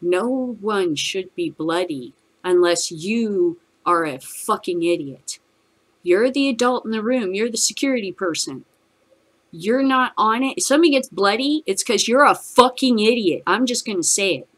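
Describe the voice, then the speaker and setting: This is profane ranting commentary from a woman in the United States who hosts a cannabis news show. Her mid-range, expressive voice has a breathy edge, and she fires off angry, curse-laden bursts about the news.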